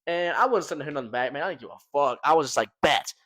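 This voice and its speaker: A man's voice: a little high, lively intonation, very fast, sharp tone, dry recording. A young man casually telling a personal story to his viewers, slangy and loose, tossing in "man" and "right?" as he goes. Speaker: storytelling vlogger.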